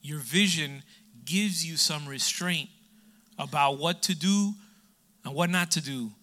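A man's voice: on the high side, slow pace, sharp tone. A middle-aged man preaching a sermon in a conversational way, with humor and asides to the congregation.

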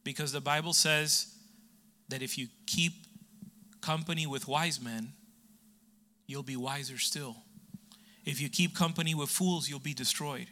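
Middle-aged male preacher, very bright tone, slightly high voice, chatty sermon delivery with jokes. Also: measured pace, long pauses. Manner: conversational preaching with humor and asides to the congregation.

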